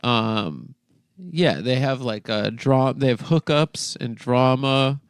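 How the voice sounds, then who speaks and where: A man's voice: mid-range voice, animated, takes it slowly, clean tone, no room sound, clean studio sound. A man co-hosting a casual comedy podcast, rambling with lots of fillers. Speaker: podcast co-host.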